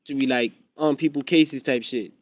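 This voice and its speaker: A young rapper and content creator from Eswatini rambles defiantly on a casual phone livestream, repeating himself in street talk. He has a South African accent with an American twang and a mid-range voice at normal speed, and he's outdoors in drizzle, hunched over his phone.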